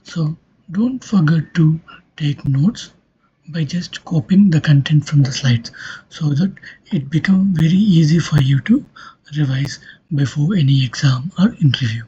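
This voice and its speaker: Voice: medium pitch, expressive, a little slow, mellow, husky, dull audio. A linguistics lecturer giving a recorded online lesson, explaining step by step and often checking in with "okay".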